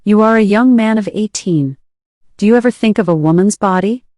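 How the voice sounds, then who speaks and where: A woman voicing a possessive older sister who pleads and insists, read in her own lowish voice. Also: a little fast, dark tone, dry recording, studio quality, lightly acted. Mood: pleading. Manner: insistent, coaxing.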